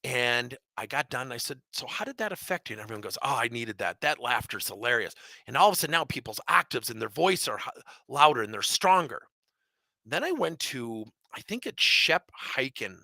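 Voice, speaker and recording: A middle-aged man from Wisconsin, a business coach telling stories in an energetic keynote, acting out quotes and jumping up in pitch for emphasis. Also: normal speed, vocal fry, dry recording. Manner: animated, jumps high in pitch for emphasis, acts out quotes.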